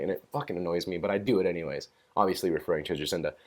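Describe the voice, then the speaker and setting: A young man tells a story on his solo podcast in a fairly low voice. He rambles, swears freely and fills every pause with fillers. He keeps laughing at his own anecdotes. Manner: amused, laughs at own stories. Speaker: podcast host. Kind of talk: casual solo rant.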